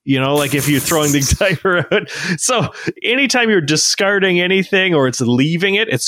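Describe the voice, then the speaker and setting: A man in his thirties chatting casually as a podcast co-host, telling lively stories and putting on childlike quotes. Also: a little high, moderate pace, hardly any pauses, no room sound, studio quality. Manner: animated storytelling with childlike voiced quotes. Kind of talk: casual chat.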